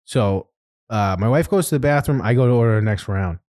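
Podcast host, male, mid-pitched, profane and laughing storyteller, dry close mic. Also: animated, fairly quick, a little mellow, no echo. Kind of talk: casual chat.

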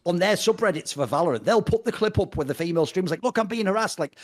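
A man's voice: high-pitched, lively intonation, racing, a little mellow. A man co-hosting a podcast, talking bluntly and emphatically in a casual, opinionated chat, swearing freely. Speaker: podcast co-host.

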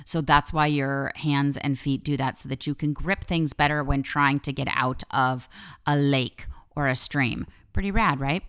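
A woman with a low, slightly gravelly voice hosts her own podcast in a loose, candid monologue. She swears freely and wanders into side tangents before coming back to her point. Her voice sounds smooth and dry. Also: a little slow, a bit bright, no room sound. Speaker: podcast host. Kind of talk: casual solo podcast monologue.

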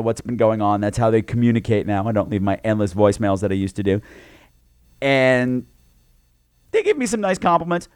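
A man co-hosting a podcast, telling a campy story in a casual, animated way. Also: mid-range voice, clear, resonant tone, dry recording. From New York. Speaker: podcast co-host. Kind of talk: casual chat.

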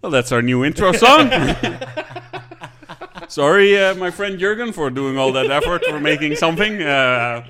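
A man's voice: fairly high pitch, big pitch swings, unhurried, crowd noise. A man co-hosting a podcast in casual chat, joking and laughing between phrases. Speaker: podcast co-host.

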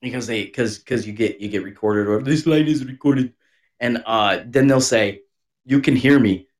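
A man's voice: medium pitch, normal speed. A young man co-hosting a podcast, chatting casually and swearing freely as he gives practical tips. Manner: profane, easygoing, gives tips. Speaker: podcast co-host. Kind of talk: casual chat.

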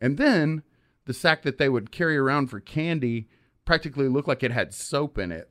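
A man's voice: medium pitch, expressive, moderate pace, a bit bright. A man hosting a podcast, telling a rambling story in casual chat with many fillers. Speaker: podcast host.

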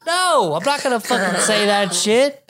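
Brief: crude, joking woman podcast co-host, lively pitch swings. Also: moderate pace. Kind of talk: casual chat.

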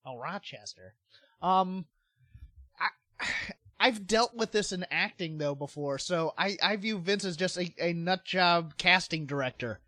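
Man, podcast host, rambling storyteller, slightly high voice, dry close sound. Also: animated, measured pace, sharp tone, no echo. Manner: chatty storyteller, laughs often, frequent restarts. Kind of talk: casual chat.

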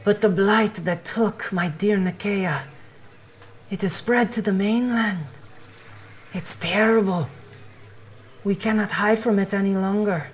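A woman's voice: medium pitch, unhurried, pauses often, voice pushed up, natural voice. A woman voicing a zealous female cow-like preacher with a put-on accent who makes solemn, sing-song proclamations. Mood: preaching.

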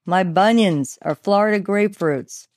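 A woman's voice: medium pitch, unhurried, darkish tone, no echo, voice pushed up, natural voice. A woman voicing a nosy older female neighbor who is blunt and gossipy, calling down from a window in a read-aloud story.

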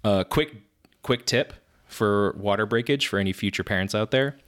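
A man with a low, deep speaking voice, chatting casually on a podcast. He tells stories with energy and often breaks into laughter at his own tales. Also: moderate pace, a bit bright. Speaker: podcast co-host and father. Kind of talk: casual chat.

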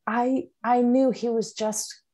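A woman's voice: a little high, little pitch movement, slow pace, warm tone. A woman speaking as a podcast guest, telling stories in a blunt, candid, casual way and swearing freely. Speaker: guest, runs a birth support group. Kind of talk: casual storytelling in a podcast chat. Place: works at a chiropractic office.

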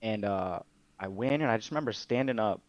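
A laid-back young adult tells stories in a casual interview, swearing freely and leaning on fillers; he's the guest, an MMA fighter and streamer. His voice is on the low side and fairly quick. The audio is dull, lo-fi and dry, with no room sound.

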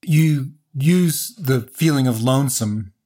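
A man's voice: medium pitch, takes it slowly, dark tone. A man hosting an interview, asking curious, probing questions about music. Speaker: interview host.

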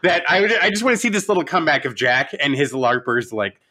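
A man co-hosting a casual show review, talking in an animated way, swearing and acting out scenes. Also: a little high, fast, breathy edge. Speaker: podcast co-host. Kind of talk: casual chat reviewing a TV series.

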